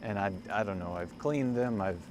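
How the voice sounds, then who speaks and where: A man's voice: lowish voice, moderate pace. A man in his forties chatting casually with viewers while riding a bike outdoors, rambling and self-amused. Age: 40s. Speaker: livestreamer. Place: outdoors on a cargo bike by a lake. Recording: outdoor ride with clear background noise.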